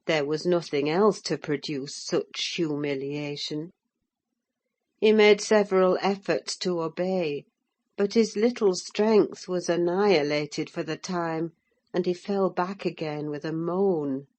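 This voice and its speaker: A woman narrating an audiobook in the first person, measured and unhurried. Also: lowish voice, a little mellow.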